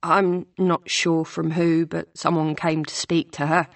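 Woman voicing a hesitant gentle student. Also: low voice, flat delivery, measured pace, dry recording, distant mic. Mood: cautious. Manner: hesitant, soft.

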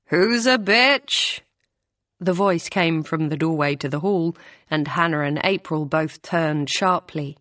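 A woman reading a novel aloud in an even, measured storytelling manner. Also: low-pitched, no echo. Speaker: audiobook narrator. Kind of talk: scripted narration.

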